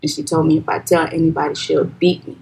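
Young woman, Liberian accent, low voice, soft and halting, personal storytelling. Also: little pitch movement, gravelly, a little hiss or hum, poor audio. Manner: soft, halting and hesitant, with quoted voices raised high and loud. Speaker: guest. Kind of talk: personal storytelling in a podcast interview.

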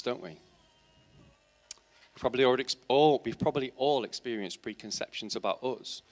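A man's voice: mid-range voice, fairly bright tone. A man preaching a sermon in church, asking his congregation rhetorical questions and building to emphatic, passionate points. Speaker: teacher.

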